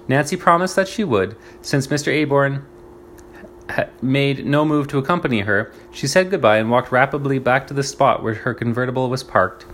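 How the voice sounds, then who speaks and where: A man reading a storybook aloud, slow and deliberate, pausing to explain words. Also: medium pitch, a bit bright, slight background noise. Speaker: reader.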